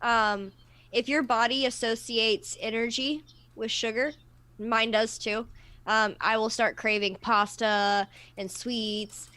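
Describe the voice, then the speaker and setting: A woman's voice: a little high, steady tone, slow, bright, forceful tone. A woman co-hosting a casual podcast panel chat, telling stories animatedly and laughing often.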